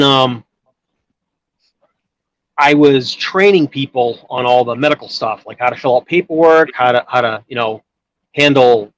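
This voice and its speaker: A man's voice: mid-range voice, a bit bright, no echo, low-quality recording. A man telling a long personal story in casual chat, rambling with many restarts and filler words. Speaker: guest storyteller.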